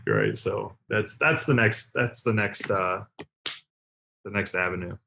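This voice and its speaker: A young man from Ohio, a guest on a casual podcast, talking in a relaxed, rambling way with many fillers. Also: lowish voice, unhurried, vocal fry, slight background noise. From Cleveland, Ohio. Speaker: guest, car content creator.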